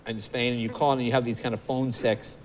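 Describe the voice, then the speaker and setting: A man hosting a talk show, joking and stammering through quick restarts. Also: mid-range voice, flat delivery, a little hiss or hum. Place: television studio. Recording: studio with audience crowd.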